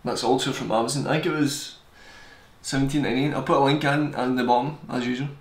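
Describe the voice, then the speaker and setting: With roomy, echoey audio and a faint hiss, a fast-talking man delivers a casual product review. He's a tech reviewer whose steady mid-range voice keeps joking and drifting into digressions.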